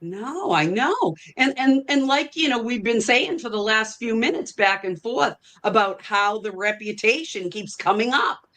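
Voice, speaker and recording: A woman co-hosting a podcast, adding slow, reflective comments. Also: fairly high pitch, lively intonation, a bit bright. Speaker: podcast co-host. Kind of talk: casual chat.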